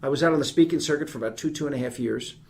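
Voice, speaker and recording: A man in his fifties from New York with a New York accent, a retired army general telling animated, emphatic stories as a podcast guest. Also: medium pitch, rapid-fire. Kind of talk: conversational podcast interview.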